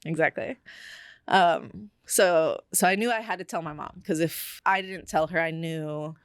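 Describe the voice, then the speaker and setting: A woman's voice: sits low, a little slow, clear, resonant tone, dry recording. Woman telling her story in a dry room. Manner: candid, reflective, with many fillers. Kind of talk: personal storytelling.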